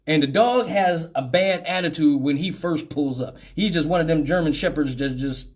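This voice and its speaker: Hosting a radio talk show, a middle-aged man spins a funny tale full of profanity and laughter in an animated manner. He talks at a normal speed, with a voice that sits on the high side.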